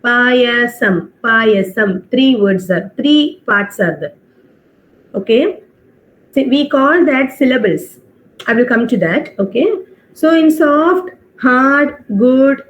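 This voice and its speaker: A woman teaching an online English class, explaining step by step, checking with questions and mixing in Hindi phrases. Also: high voice. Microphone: video call. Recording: dull online-class audio.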